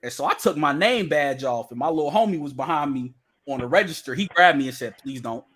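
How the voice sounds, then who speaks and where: A young man co-hosting a podcast, telling stories in a loud, profane, laughing casual chat. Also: a little high, fairly quick. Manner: animated storytelling, profane, laughing. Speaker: podcast co-host.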